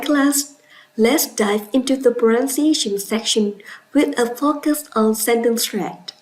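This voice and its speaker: Vietnamese-accented woman teacher, unhurried classroom delivery. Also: fairly high pitch, a little mellow, low-quality recording. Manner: slow, clear, instructive with praise. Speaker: English teacher. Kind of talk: classroom lesson.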